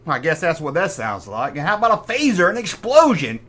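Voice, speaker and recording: A middle-aged man with a rather high, bright voice hosts a jokey toy review. He swoops up and down constantly, tosses off sarcastic asides and mimics sound effects himself. The tone is playful. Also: huge pitch swings, brisk. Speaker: toy collector host.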